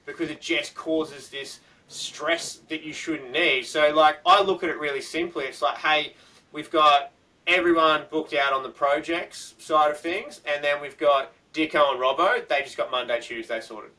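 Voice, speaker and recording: A bright, slightly high-voiced man explains his point with simple everyday examples. He sits back from the mic, so he sounds a little distant. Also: normal speed. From Australia. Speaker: podcast co-host. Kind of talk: casual chat.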